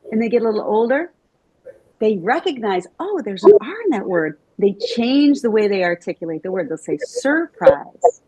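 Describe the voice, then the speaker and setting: A woman's voice: medium pitch, slightly rough, no room sound, rough recording. Chatty woman presenting to a room of educators. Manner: lively, chatty, asks the audience questions. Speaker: Montessori teacher trainer giving a talk. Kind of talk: conference talk to educators. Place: conference room with an audience.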